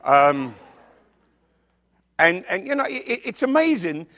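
A male pastor delivers a sermon woven with personal stories. His voice sits a little high, and he preaches with animated emphasis, often breaking into jokey asides. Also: slow pace. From outside the United States.

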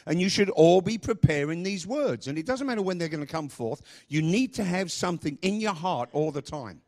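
A male pastor delivering a sermon in an animated, swooping voice that sits a bit high. He speaks emphatically, hammers phrases over and over, and drifts into rambling asides. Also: a little fast.

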